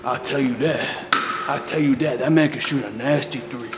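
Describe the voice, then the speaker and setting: A man's voice: medium pitch, normal speed, very noisy, voice pushed down, natural voice. A young man voicing a crotchety old grandpa who rambles and boasts about basketball in a comedy sketch, with music playing behind. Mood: boastful.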